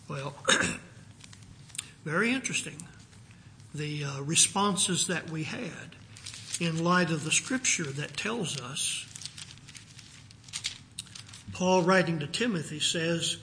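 An older American man preaching a sermon, reciting scripture with emphatic rises and telling a story with frequent pauses and fillers. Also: on the high side, sharp tone. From United States.

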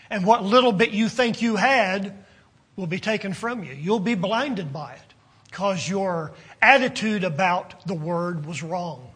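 A man preaching a sermon, reading King James scripture and explaining it with slow, deliberate phrasing. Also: high voice, a bit bright, breathy edge. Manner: slow, deliberate delivery with long pauses between phrases. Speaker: pastor.

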